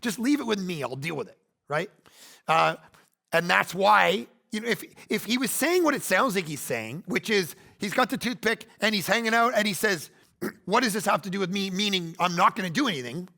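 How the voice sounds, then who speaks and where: Man, 40s, pastor, sermon, higher voice, gravelly, animated swings in volume. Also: normal speed. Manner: animated, swings from loud bursts to quiet asides; acts out quoted lines in playful voices.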